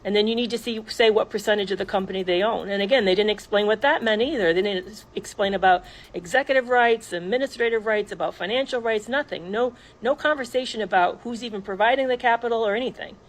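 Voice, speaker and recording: A woman telling a personal story in an earnest, halting way, with many restarts. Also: mid-range voice, rough recording.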